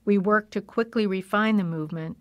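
A woman speech-language pathologist calmly explaining therapy methods in a voice-over. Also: medium pitch, a little fast, dry recording.

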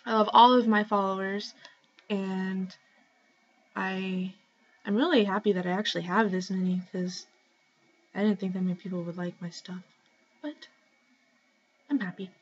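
A young woman at home talking casually to her camera in a rambling shoutout vlog, full of ums and likes. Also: mid-range voice, steady tone, normal speed, long pauses, slightly rough. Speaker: vlogger. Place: home, indoors. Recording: slightly dull lo-fi webcam audio.

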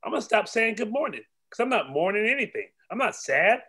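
A man with a high voice performs spoken-word poetry. He chants emphatic, rhythmic affirmations and leans hard on each line. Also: big pitch swings, a little fast, husky. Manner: rhythmic, emphatic affirmations with swings in pitch and loudness. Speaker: poet.

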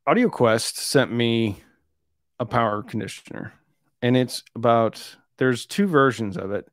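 A man's voice: medium pitch, moderate pace, no echo, studio quality. A man hosting an audio gear live stream, chatting casually in a rambling, easygoing, self-deprecating way. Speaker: audio channel host.

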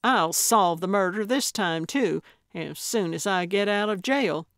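A woman's voice: medium pitch, unhurried, no room sound, clean studio sound, natural voice. A woman narrator voicing a stubborn, eccentric elderly woman sleuth who talks in an indignant, childish, proud way.

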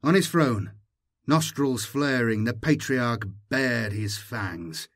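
Male narrator, scripted audiobook reading, slow, measured, dramatic, mid pitch. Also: a bit bright.

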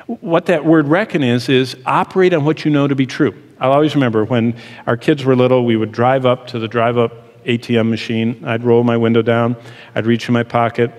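A man's voice: medium pitch, a little mellow. A middle-aged man teaching a sermon in an earnest, emphatic, explanatory way. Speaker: Bible teacher. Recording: long hall reverb.

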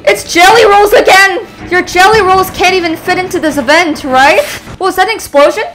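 A woman's voice: very high-pitched, normal speed, background noise. A young woman gamer commenting on a horror game, screaming at scares and jokingly taunting the monsters. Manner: screams and shrieks, jokey taunting of enemies. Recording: voice over loud game music.

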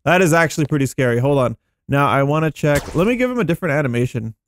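A man giving excitable, chatty gameplay commentary as a gaming YouTuber, thinking aloud as he goes. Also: a little high, fast.

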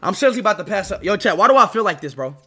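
High, bright young man streaming, loud swings. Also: animated, racing, husky. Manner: loud swings between weary mumbling and shouting; repeats phrases over and over, talks to chat. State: hungry and drained. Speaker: livestreamer. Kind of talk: casual livestream chatter.

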